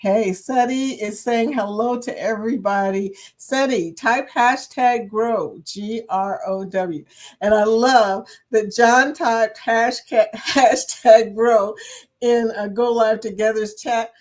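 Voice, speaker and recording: A woman's voice: on the high side, takes it slowly. A woman hosting a casual live-stream chat, talking to viewers by name and laughing often. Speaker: livestream chat host.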